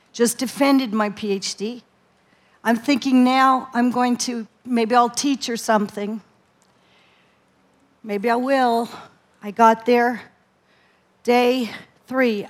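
A woman preacher telling her testimony in a sermon, animated and laughing often as she tells it. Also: fairly high pitch.

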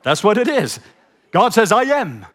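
A man from Norway preaching a sermon in his second language, animated and acting out the voices in his retelling, with stammers. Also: high voice, moderate pace. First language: Norwegian.

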